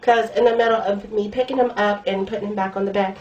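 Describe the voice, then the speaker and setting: A woman's voice: medium pitch, fairly even intonation, fast talker, a little mellow, lo-fi sound, slight background noise. A young woman vlogger telling a blunt, profane story in casual slang, recorded in her room. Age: young adult. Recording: voice a bit far from the mic.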